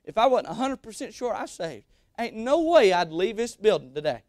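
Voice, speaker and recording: A man's voice: high-pitched, very animated, a little fast, no echo, clean studio sound. A young man preaching a sermon as a guest preacher, emphatic and repeating his lines. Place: church sanctuary.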